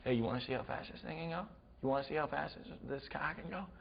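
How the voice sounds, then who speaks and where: A man voicing an excited, reckless male mechanic with a New England accent, in a dull lo-fi recording. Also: on the high side, quick pace, creaky, slightly rough. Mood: eager. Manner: loud, eager, breezy.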